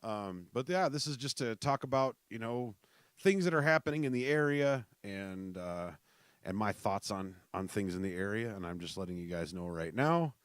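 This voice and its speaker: A man's voice: on the low side, animated, normal speed, no room sound. A man from South Dakota hosting his own podcast, rambling in casual chat with many fillers and restarts. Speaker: podcast host.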